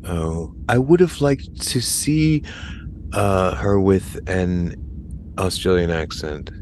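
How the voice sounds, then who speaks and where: A man chatting casually on a podcast, musing out loud, hesitant, often laughing and trailing off mid-thought. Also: deep voice, slow pace, slight background noise. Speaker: podcast guest.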